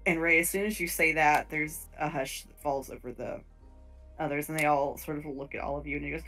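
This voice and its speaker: Female game master, lower voice, descriptive narration with hesitations, faint music under it. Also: fairly even intonation, brisk, a bit bright. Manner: descriptive, with fillers and restarts. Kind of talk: narrating a tabletop horror game.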